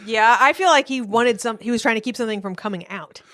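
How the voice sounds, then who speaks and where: Sarcastic woman on a comedy podcast, swears a ton, kinda high voice, dry close sound. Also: fast, a bit bright, no echo. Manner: blunt, sarcastic, swears a lot. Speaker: podcast co-host. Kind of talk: casual comedic chat. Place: New York.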